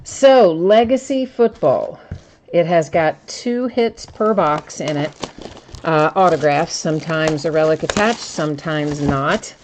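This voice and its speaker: A woman with a low voice hosts a live card break from her table, chatting casually with viewers and greeting them by name. She explains the rules patiently and at length. Faint noise sits under her voice. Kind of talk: casual live-stream chat. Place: indoors at a table.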